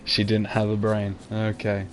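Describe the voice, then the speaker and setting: A man's voice: on the low side, completely flat delivery, measured pace, a little hiss or hum. A young British man giving casual, sarcastic let's-play commentary and swearing as he plays. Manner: sarcastic, swears, talks to himself. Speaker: gamer commentating his playthrough.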